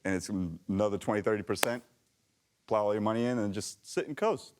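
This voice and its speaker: A male comedian on a panel show with a low, relaxed voice. He tells a finance story in a deadpan way and drops into quick impressions of other people, with a faint hiss behind him. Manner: casual, deadpan storytelling with quoted asides.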